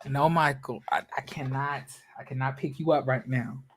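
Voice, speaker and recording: A man vlogging reaction commentary in a sassy, slangy way, swinging between loud outbursts and muttered asides. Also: medium pitch, fairly even intonation, moderate pace.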